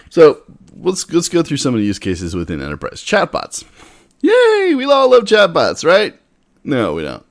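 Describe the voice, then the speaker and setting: A man with a deep, low voice talks through a technology topic in a relaxed, conversational way. He trails off, restarts his sentences and drops in wry asides as he goes. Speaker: tech speaker. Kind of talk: casual explanatory talk.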